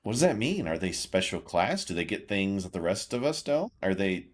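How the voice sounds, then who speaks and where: A man's voice: deep voice, big pitch swings, normal speed. A man co-hosting a political chat show, emphatic and sarcastic, his voice jumping up when he gets riled. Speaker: podcast co-host.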